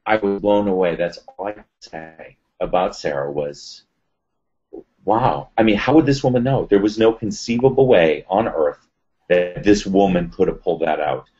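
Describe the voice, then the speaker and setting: A man speaks in a low voice as a guest in a casual interview, telling a personal story with animated retelling. He acts out the voices of the people he quotes. The sound is dull and lo-fi. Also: moderate pace.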